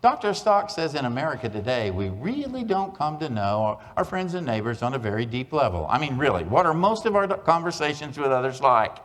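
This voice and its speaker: A man gives a humorous keynote at a conference, spinning small-town jokes with deadpan timing. His voice sits in a middle register. A long hall reverb trails every line from the stage mic. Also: medium pitch, brisk, few pauses. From Oklahoma. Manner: folksy joke-telling with deadpan punchlines. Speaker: conference speaker.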